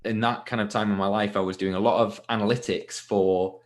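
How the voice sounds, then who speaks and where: Low-voiced young man, casual guest. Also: steady tone, fairly quick. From Leeds, England. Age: 20s. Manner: casual, many fillers and restarts, laughs easily. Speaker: tech company founder, guest. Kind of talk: podcast interview.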